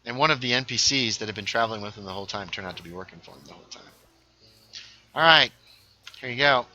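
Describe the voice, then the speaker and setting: A man chatting casually with a friend while playing a video game, easygoing and quick to laugh. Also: medium pitch, sharp tone. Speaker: streamer playing Minecraft with a friend. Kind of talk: casual gameplay chat.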